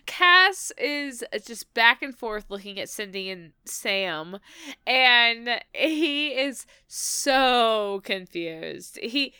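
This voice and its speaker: A woman chatting about a TV episode, excitable and swearing as she laughs through her recap. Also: on the high side, drawn-out words, smooth, no echo, studio quality. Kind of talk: casual chat recapping a TV episode.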